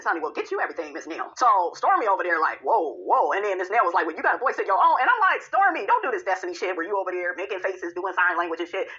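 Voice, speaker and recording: A woman's voice: mid-range voice, pushed and bright, dull audio. A woman giving a sassy, casual recap of a reality show, tossing in "honey" and "okay" all the time.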